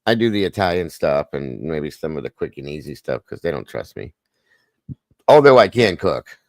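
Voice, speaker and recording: Low-voiced man chatting on a livestream. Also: very animated, normal speed, vocal fry, darkish tone, no room sound, clean studio sound. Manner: chatty, greets viewers by name. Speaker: livestream host. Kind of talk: casual livestream chat.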